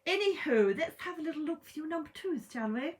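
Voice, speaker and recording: A woman's voice: sits high, expressive, a little fast. A woman giving a chatty tarot reading to camera from her bed, bubbly and full of exclamations. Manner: bubbly, exclamatory, talks straight to viewers. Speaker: psychic tarot reader. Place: at home in bed.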